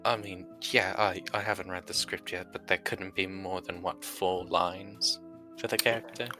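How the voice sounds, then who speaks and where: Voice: low-pitched, steady tone, normal speed, over music. A player in a live-streamed tabletop role-play game, speaking formally in character and narrating in the third person.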